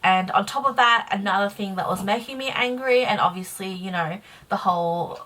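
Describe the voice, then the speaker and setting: A woman's voice: mid-range voice, moderate pace, pushed and bright. A young Australian woman vlogging, venting with blunt frustration and swearing, at times emotional. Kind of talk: casual venting to camera.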